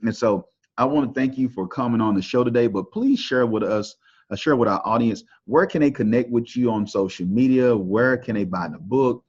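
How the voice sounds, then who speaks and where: A man's voice: medium pitch, normal speed, a little mellow, husky. Texan man, podcast host, folksy and upbeat, lots of fillers, dull lo-fi sound. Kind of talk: casual interview talk. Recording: dull lo-fi audio.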